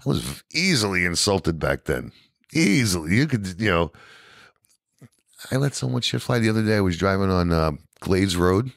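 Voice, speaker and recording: A man with a New York accent, his voice low and gravelly, recounts his recovery in an animated, candid way, leaning on "you know what I mean" again and again. He is recorded close and dry, with no room sound around him. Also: moderate pace, no echo. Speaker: podcast guest.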